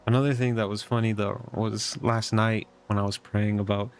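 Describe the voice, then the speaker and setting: Earnest young man, fairly low voice. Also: flat delivery, moderate pace, clear, resonant tone. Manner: earnest, reflective, rambling with many "like" fillers. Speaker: vlogger. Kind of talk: casual personal update.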